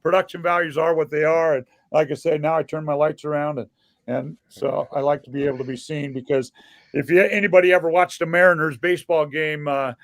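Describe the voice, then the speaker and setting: A man's voice: a little high, fairly even intonation, a little fast, no echo. A man chatting as a guest on a podcast from a home studio in a converted garage, rambling a little with plenty of fillers. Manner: rambling, hesitant, many fillers. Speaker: guest, former sports TV camera operator. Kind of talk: casual chat on a podcast.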